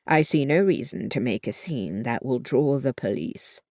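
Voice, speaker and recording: A reader voicing a lean old man who speaks in a calm, clipped, controlled way. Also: mid-range voice, moderate pace, no echo, studio quality, voice pushed down, close to an everyday voice. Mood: commanding.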